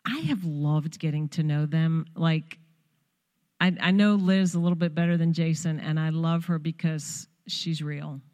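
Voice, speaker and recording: A middle-aged woman from Long Island, New York, gives a heartfelt, conversational sermon as a guest speaker in a church sanctuary, exhorting listeners and adding asides. Her voice sits low, with a steady, slightly mellow tone and a measured pace, echoing as in a large hall.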